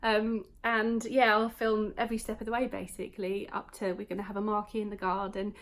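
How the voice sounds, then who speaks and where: A woman's voice: medium pitch, monotone. A woman, chatting casually to camera in a vlog, rambling with lots of fillers. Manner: rambling, talks in quick bursts, many fillers. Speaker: vlogger.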